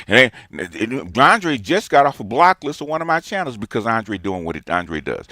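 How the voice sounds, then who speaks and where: A man in his sixties rants in a streamer's response monologue. He lectures emphatically, hammering the same points again and again. The sound is dry and close, with mid-range pitch for a man. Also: sing-song, moderate pace, few pauses, pushed and bright, no echo. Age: 60s. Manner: emphatic, lecturing, repeats himself.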